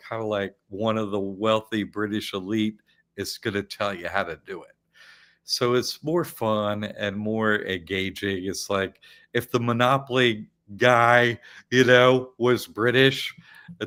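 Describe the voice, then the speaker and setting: Casual, low-voiced male host. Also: steady tone, a little slow, a bit bright. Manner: rambling, restarts, laughs often. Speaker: host of an online academy show. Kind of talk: casual chat.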